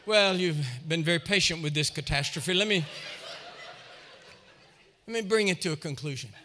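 A man's voice: fairly high pitch, moderate pace, bright, forceful tone, slight background noise. A middle-aged man and pastor telling a funny story in a sermon, acting out the people he quotes with big jumps in his voice.

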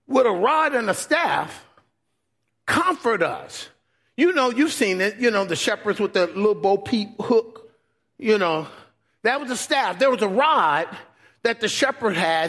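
Husky high-voiced preacher man. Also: very animated, a little slow. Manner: swings from loud, high preaching to soft, low intimacy. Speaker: pastor. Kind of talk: sermon.

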